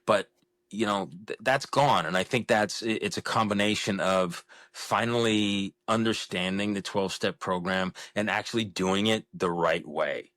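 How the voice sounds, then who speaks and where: A man in his fifties with a deep, low-pitched voice, recorded close and dry with almost no room sound. He talks candidly as a podcast guest, frank and self-deprecating, often restarting his sentences. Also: moderate pace, a bit bright, no echo. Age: 50s. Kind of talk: candid interview conversation.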